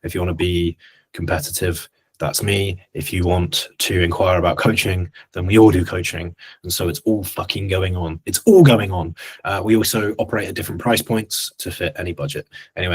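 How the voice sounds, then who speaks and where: A man's voice: sits low, husky. A young man co-hosting a casual podcast, telling gym stories with laughs and casual swearing. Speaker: podcast co-host, coach.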